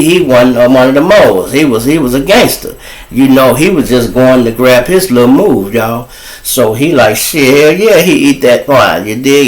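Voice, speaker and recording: A man with a Chicago accent, hosting his own show and telling a street story in casual slang, calling the listeners y'all and jumping high in pitch when he quotes people. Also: poor audio. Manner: animated, jumps to high pitch for quoted lines. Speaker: storyteller host.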